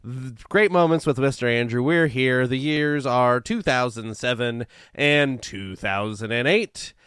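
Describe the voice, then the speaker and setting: A man's voice: medium pitch, a little slow, fairly bright tone, clear, resonant tone, no room sound, clean studio sound. A man co-hosting a podcast, chatting casually and reading out a history segment, and laughing at himself as he goes. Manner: chatty, laughs at himself, reads lists of dates. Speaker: podcast co-host.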